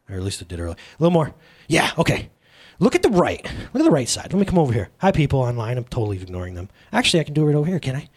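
A pastor in his thirties preaches a casual, funny sermon at a church service, his voice a little high. He tells stories in an animated, jokey manner and makes asides to the congregation.

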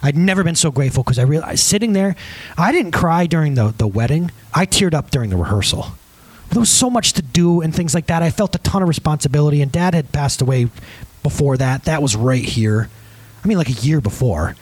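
A man's voice: fairly high pitch, lively intonation, a little fast, darkish tone, breathy edge, dry recording, poor audio. A man in his thirties preaching a conversational sermon, laughing at his own asides.

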